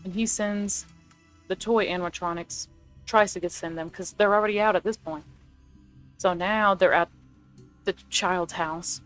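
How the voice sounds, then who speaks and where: A young woman chatting casually as a video creator, rambling and excitable, correcting herself as she pitches ideas. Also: unhurried, long pauses, faint music behind. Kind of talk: casual chat, movie rewrite ideas.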